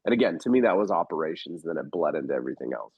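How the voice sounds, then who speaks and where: A man's voice: rumbling low, racing, husky, no room sound. A man talking as an interview guest, telling stories bluntly and emphatically. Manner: animated storyteller, emphatic and blunt. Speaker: real estate investor guest. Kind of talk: casual interview talk. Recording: slightly dull, dry recording.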